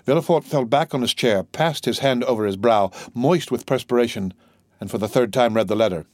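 A man narrating an audiobook with a steady, even reading. His voice sits in a middle range for a man. The sound is close and dry, with no room around it. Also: mid-range voice, brisk, no room sound. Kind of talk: scripted narration.

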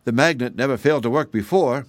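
A man's voice: medium pitch, quick pace, dry recording, studio quality, close to an everyday voice. A man voicing an easygoing, friendly wandering man in a storybook.

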